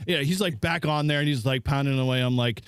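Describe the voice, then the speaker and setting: A man's voice: mid-range voice, fast, clean tone. A man co-hosting a casual live stream chat, telling stories loosely with lots of fillers. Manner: rambling storytelling with many fillers and laughs.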